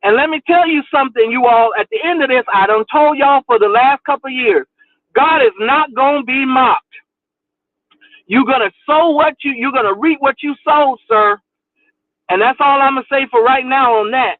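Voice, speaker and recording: A man's voice: very high-pitched, normal speed, no room sound. Male caller, preachy scold, tinny dry phone line. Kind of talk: heated call-in rant.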